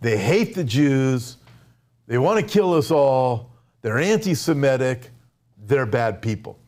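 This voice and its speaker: A man voicing a stubborn, defiant male prophet who refuses flatly with slow, emphatic words. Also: medium pitch.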